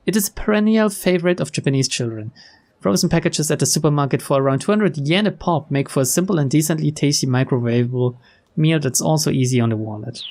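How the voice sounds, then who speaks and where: A young man reads a visual novel aloud for viewers, his voice sitting a bit higher than most men's. He switches between plain narration and relaxed, chuckling side remarks. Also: fast. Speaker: let's player.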